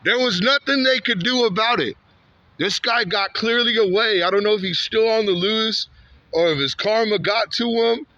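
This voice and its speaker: A man's voice: high voice, moderate pace, bright, forceful tone, no room sound, lo-fi sound. A man from Santa Ana, California telling a story outdoors in a rambling, repetitive and heated way, often ending lines with "man" or "bro". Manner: frequent "man" and "bro" tags. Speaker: vlogger. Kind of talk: walking vlog storytelling. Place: outdoors on a street.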